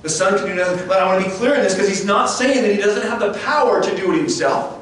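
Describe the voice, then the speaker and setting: A man's voice: sits high, lively intonation, fast, fairly bright tone. A man preaching a sermon as pastor, earnest, often restarting and stumbling over his words. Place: church sanctuary. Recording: echoey church room, distant mic, faint noise.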